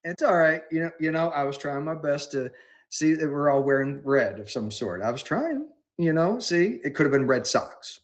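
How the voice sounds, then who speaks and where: A man's voice: a little high, animated, normal speed. A man hosting a casual livestream quote contest, rambling with many fillers and restarts. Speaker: host.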